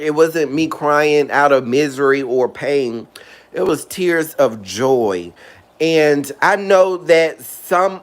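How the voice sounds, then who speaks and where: A man talking casually about faith to his video viewers, animated and chatty, calling them honey and girl. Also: a little high. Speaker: video host.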